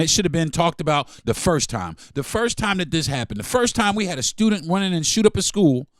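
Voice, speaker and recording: A man's voice: a little high, no room sound, studio quality. Heated, profane man ranting on a podcast. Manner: profane, heated, repetitive, mock-quoting others. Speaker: podcast host. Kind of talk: angry solo podcast rant.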